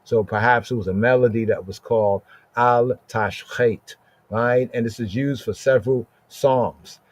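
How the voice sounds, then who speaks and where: A man in a mid-range voice teaches scripture on a livestream podcast. He talks very slowly and feels his way through each verse. He keeps checking in with "right?" and repeating words as he goes. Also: mid-range voice, steady tone. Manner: slow, searching delivery, keeps asking "right?" and repeating "here, here". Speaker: podcast host and Bible teacher.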